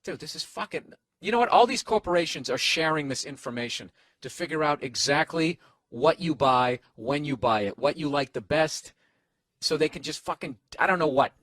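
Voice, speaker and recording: A man with a somewhat high voice rants on a comedy podcast, sarcastic and full of swearing. He records alone in a hotel room on one microphone, and the sound is close and dry. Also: animated, normal speed, fairly bright tone, dry recording. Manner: profane, sarcastic, acts out quoted voices. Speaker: podcast host. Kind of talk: casual comedic rant. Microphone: single microphone, no headphones.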